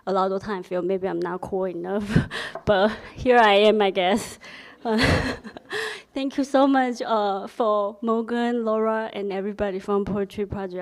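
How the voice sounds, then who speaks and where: A woman, a featured poet whose first language is Mandarin, making casual remarks before her reading, hesitant, with many fillers and self-conscious laughter. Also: mid-range voice.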